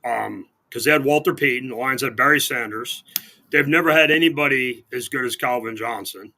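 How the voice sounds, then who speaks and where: A man's voice: mid-range voice, fairly quick, sharp tone. A man co-hosting a sports radio show, chatting casually and sarcastically, with lots of restarts. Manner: rambling, sarcastic, many restarts. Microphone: remote call-in line.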